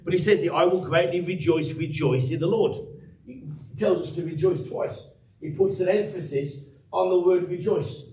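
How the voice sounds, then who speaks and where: A man's voice: on the high side, roomy sound, recorded from a distance, a little hiss or hum, rough recording. An English man preaching a sermon as pastor, chatty and teasing the congregation by name. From England. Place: church hall.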